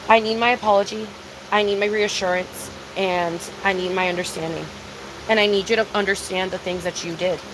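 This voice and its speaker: A young woman livestreamer speaks to her viewers in a mid-range voice over a noisy background. She's casual and confessional, emphatic, swearing heavily and repeating herself.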